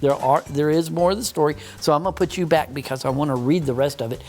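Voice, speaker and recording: A man's voice: fairly high pitch, fast talker. Man telling a Bible story to kids. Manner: patient, mock-stern with the puppet. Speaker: children's ministry teacher.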